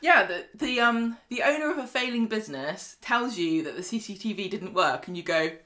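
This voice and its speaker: A woman co-hosting a soap podcast, recapping the week in loose, chatty fashion. She laughs often and slips into quick acted-out quotes from the characters. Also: mid-range voice, expressive, pushed and bright. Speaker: podcast co-host. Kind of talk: casual chat recapping a soap episode.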